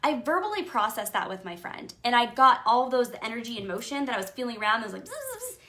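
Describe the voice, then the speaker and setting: A woman's voice: fairly high pitch, fast, sharp tone. A woman life coach giving a casual, emphatic motivational talk, chatty and full of fillers.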